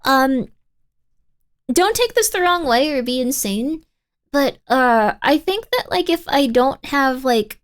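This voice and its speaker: A young woman with a high voice chats casually on a live stream. She rambles and sprinkles her talk with "like", drifting from thought to thought. The tone stays loose and chatty. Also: animated, slow. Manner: chatty, rambling, heavy use of "like". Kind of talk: casual livestream chat.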